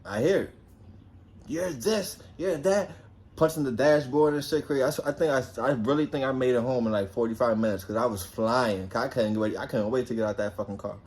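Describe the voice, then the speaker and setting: Speaking fast at a medium pitch, this young man from New Jersey recounts something that happened to him. He's casual and lively, swears without restraint, and raises his voice to act out what people said.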